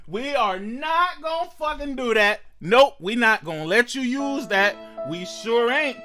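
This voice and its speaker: A man hosting a reaction commentary show, ranting loudly and mockingly with heavy profanity. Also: high-pitched, lively intonation, slow, few pauses, music in the background. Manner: loud, profane, mocking rants. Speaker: commentary host.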